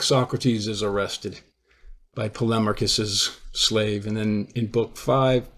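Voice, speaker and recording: A man's voice: fairly low pitch, creaky, breathy edge. A man giving an informal lecture. He retells a classic play in a conversational storytelling way, with frequent restarts. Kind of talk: informal lecture explaining a theory.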